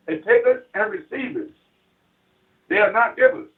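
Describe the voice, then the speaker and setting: A man talking in a casual chat, making his point like a sermon and acting out the people he quotes in a lower voice. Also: animated, moderate pace. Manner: preachy, acts out quoted voices in a low register. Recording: distant, phone-like line.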